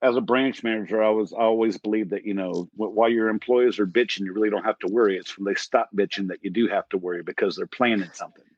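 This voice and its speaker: A man's voice: lowish voice, steady tone, quick pace, no room sound, lo-fi sound. A man hosting a casual podcast, telling rambling, crude stories about the pest control trade. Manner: rambling storyteller, crude humor.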